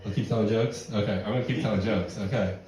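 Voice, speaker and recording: A man's voice: fairly low pitch, steady tone, quick pace. A middle-aged man performing a stand-up comedy set in a rambling, self-deprecating way, filling his talk with "like" and "you know". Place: barn music venue with live audience. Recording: echoey room, distant mic, crowd laughter.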